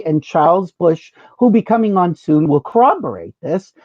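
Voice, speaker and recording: Chatty male host with a lively voice. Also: high voice, moderate pace, few pauses, no room sound. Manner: chatty, self-mocking, animated. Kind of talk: casual anecdote storytelling. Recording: dull muffled sound.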